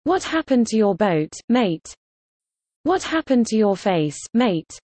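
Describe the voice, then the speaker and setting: A woman reading example sentences for a slang lesson with a lively, bouncy delivery. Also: fairly high pitch, slow, no echo. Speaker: teacher.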